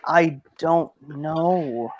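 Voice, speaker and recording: A man co-hosting a casual stream chat, animated and jokey, mimicking people he talks about. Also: a little high, very slow, no room sound, lo-fi sound. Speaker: podcast co-host.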